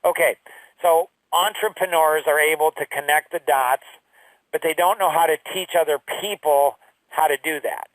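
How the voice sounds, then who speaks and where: A man's voice: a little high, moderate pace, a bit bright, dry recording, recorded from a distance, poor audio. A man teaching a recorded lesson, telling personal stories in a rambling, anecdotal way full of "you know" and "like". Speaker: course instructor.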